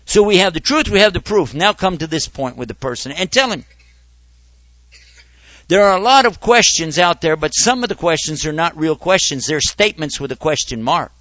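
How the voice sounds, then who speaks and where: A man lectures a gathered audience in an animated way, firing off rhetorical questions. His voice sits high and sounds bright. The recording is dry with no room echo. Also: normal speed, highs cut off. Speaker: Islamic lecturer. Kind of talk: public talk to an audience.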